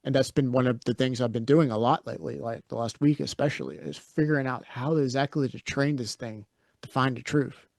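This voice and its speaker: A man's voice: medium pitch, brisk, vocal fry, no room sound, clean studio sound. A man co-hosting a podcast, chatting casually and telling stories in a blunt, opinionated way. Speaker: podcast co-host.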